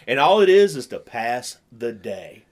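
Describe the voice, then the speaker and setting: A man's voice: mid-range voice, sing-song, measured pace. A man talking in a casual chat, joking and teasing, laughing often. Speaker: podcast co-host.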